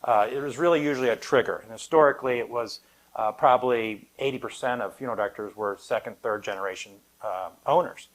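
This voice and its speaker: A man's voice: mid-range voice, fast. A middle-aged man, a funeral director, gives a live talk to an audience in a conversational, anecdotal way with light humor. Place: event room at a funeral home, with an audience present.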